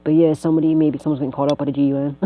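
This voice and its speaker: A woman's voice: sits low, level tone, very fast, low-quality recording. A woman vlogger and tarot reader, telling a story casually, laughing often, swearing freely and acting out what others said. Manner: acts out quoted voices.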